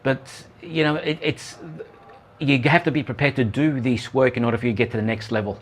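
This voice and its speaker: A man's voice: mid-range voice, fairly even intonation, fairly quick, a little hiss or hum. Encouraging male interview host. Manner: encouraging, frequent agreeing interjections. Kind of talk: conversational interview.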